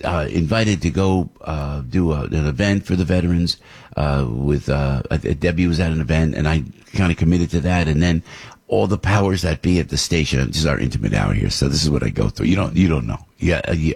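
Morning radio host, man, low husky voice, rambling storyteller, dry studio mic. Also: a little mellow, dry recording. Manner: rambling storyteller, acts out quoted voices, many restarts. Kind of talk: casual radio talk.

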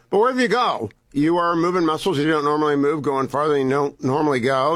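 A middle-aged man voices a recorded sponsor spot in an upbeat, first-person way. The studio sound is dry and close. His voice sits a little high for a man. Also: fairly bright tone, no echo. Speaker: radio host reading a pre-recorded ad. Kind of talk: scripted ad read.

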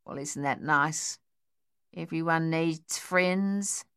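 Woman voicing a old woman, sharp-tongued, dry, unhurried, smooth tone, audiobook. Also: low voice, full character voice. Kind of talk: audiobook character voice.

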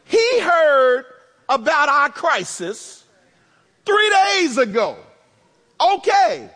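A man's voice: very high-pitched, big pitch swings, extremely slow, pushed and bright, long reverb tail, voice pushed up, full character voice. A man preaching, voicing a grieving sister who is hurt and indignant, in an emphatic raised voice.

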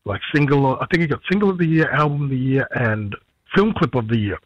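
A man's voice: mid-range voice, fairly quick, no room sound, highs cut off. A man, a musician guest telling a story in a radio interview and acting out what others said. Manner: animated storyteller, acts out others' lines.

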